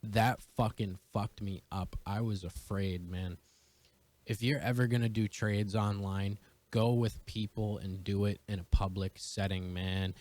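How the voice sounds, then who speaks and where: A man's voice: on the low side, level tone, darkish tone. A young man telling a personal story to his viewers in a casual, profane, rambling way. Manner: profane, fast-rambling retelling. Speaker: vlogger.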